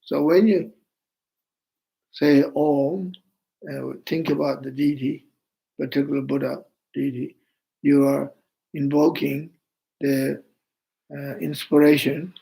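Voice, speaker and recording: A man with a Tibetan accent, a native Tibetan speaker, gives an online Buddhist teaching in a slow, halting way, with many fillers, and chants mantras slowly. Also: fairly high pitch, vocal fry, a little mellow, low-quality recording.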